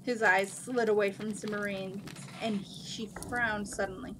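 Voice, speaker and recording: A woman reading a fantasy novel aloud, narrating at a steady storytelling pace. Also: mid-range voice, a little slow, noisy background.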